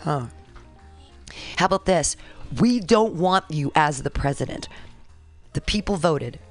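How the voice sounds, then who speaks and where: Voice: medium pitch, expressive, a little slow, faint music behind. A radio host doing a sarcastic, rambling political monologue with jokey asides and reading a document aloud in a studio.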